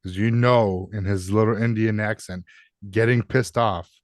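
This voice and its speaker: Low-voiced man joking on a dry mic. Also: fairly even intonation, moderate pace, no echo. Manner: joking, profane, riffing. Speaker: podcast co-host. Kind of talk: casual gaming podcast chat.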